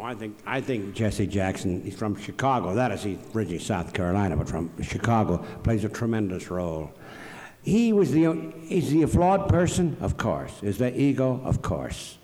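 Brief: man, forum speaker, animated storyteller, dark tone, reverberant hall. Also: medium pitch. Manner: acts out quoted voices, emphatic rhetorical questions. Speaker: speaker answering questions at a public forum.

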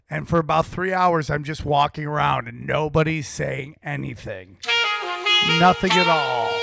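A man's voice: on the high side, creaky, fairly bright tone, dry recording, clean studio sound. A man, a comedian guest, telling a brash, boastful story in a podcast chat while saxophone plays underneath. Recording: saxophone music playing behind.

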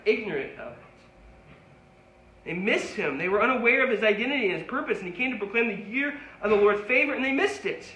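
A man's voice: very high voice, pushed and bright, reverberant, low-quality recording. A man preaching a sermon as a pastor, conversational and rising to emphatic peaks.

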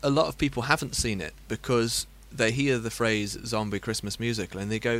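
A man hosts a casual podcast chat in a mid-pitched voice. He argues emphatically and stacks point on point. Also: steady tone, a little fast, a bit bright. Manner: emphatic, builds lists of points. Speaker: podcast host.

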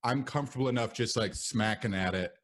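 Give me a mid-pitched man riffing on a comedy podcast, loose and profane. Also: brisk, fairly bright tone. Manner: rambling, profane, jokey. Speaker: podcast co-host. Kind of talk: casual comedic chat.

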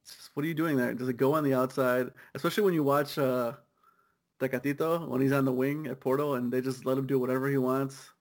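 This young man's mid-range voice stays steady as he co-hosts a soccer podcast. He's laid-back and loose, trading fast riffs and laughing readily.

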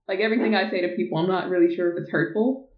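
A young adult woman co-hosting a podcast, chatting casually in a blunt, profane, animated way. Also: on the low side, very fast. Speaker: podcast co-host. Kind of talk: casual chat. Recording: echoey room, tinny phone-like sound.

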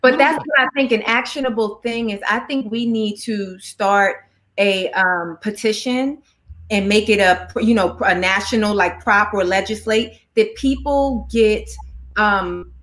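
A woman's voice: medium pitch, a little slow, fairly bright tone. A woman in casual chat, making an earnest point and thinking it through as she talks.

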